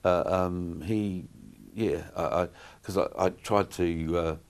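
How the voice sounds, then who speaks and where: A middle-aged man talks in a very low voice. He wanders through his stories, stopping and restarting often with plenty of ums. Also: fairly even intonation, takes it slowly. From New Zealand. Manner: rambling, many fillers and restarts. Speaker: guest entertainer. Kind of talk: casual interview chat.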